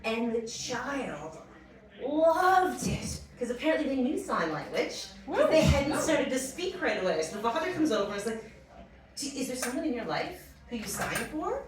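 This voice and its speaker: A young woman telling a funny personal story on a comedy stage. She talks in an animated way, laughs often and acts out the voices in her story. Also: sits high, normal speed, a crowd in the background. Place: small comedy venue. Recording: roomy distant mic with audience. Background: audience laughing.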